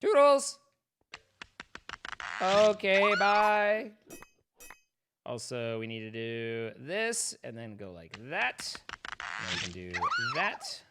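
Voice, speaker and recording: A man's voice: mid-range voice, sing-song, unhurried, heavy background noise. Rambling joking man streaming a game. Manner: rambling, self-mocking joking to chat. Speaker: livestreamer. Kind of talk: casual gaming livestream chat.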